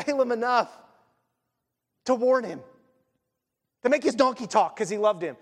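A male pastor preaching a sermon in an animated, conversational way, firing off rhetorical questions and acting out the story. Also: very high voice. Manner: acts out story voices. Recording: long reverb in a church hall.

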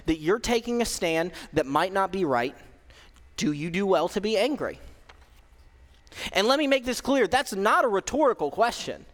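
A man's voice: high-pitched, fairly bright tone. A man preaching a sermon to a young audience in a casual, joking way. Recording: long hall reverb.

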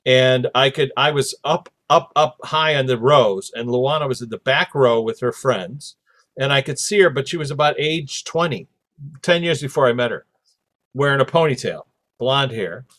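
In a mid-range voice at a moderate pace, a man hosting a podcast relates a story during casual talk. He brings it to life by acting out the voices of the people he quotes.

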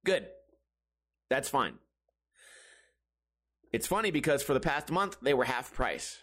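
Profane, animated man telling stories. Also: mid-range voice, measured pace. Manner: profane, animated, acts out quoted voices. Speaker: podcast host. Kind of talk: casual comedic storytelling.

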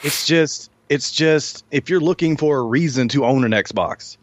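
A man's voice: a little high, measured pace. A man in casual chat, blunt and dismissive, swearing freely. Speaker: podcast co-host. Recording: dull dry lo-fi sound.

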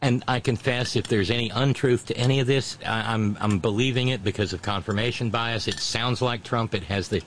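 A man's voice: medium pitch, a little fast, few pauses, a little hiss or hum, poor audio. A man giving a casual political commentary monologue, mocking and sarcastic, often breaking off and restarting.

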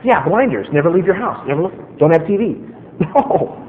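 A man delivers a sermon in a high, swooping voice, emphatic and quick to joke at his listeners. His words ring through a large, echoey hall, and the recording sounds dull and lo-fi. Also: big pitch swings, a little hiss or hum. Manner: emphatic, joking, talks straight to the listeners. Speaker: preacher.

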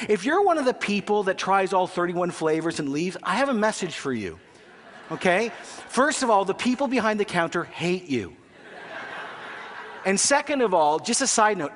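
A Canadian male pastor preaches a sermon in a conversational, humorous style, frequently asking the congregation questions. His voice sits high and a bit bright, carried by the long reverb of a large hall.

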